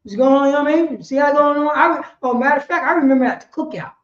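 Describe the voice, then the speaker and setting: Woman teacher, high voice, animated slangy delivery, echoey dull lo-fi recording. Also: rapid-fire. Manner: animated, slangy, frequent "you know what I mean". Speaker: class teacher. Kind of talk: street-style religious teaching. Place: indoor meeting hall. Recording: echoey, dull lo-fi room audio.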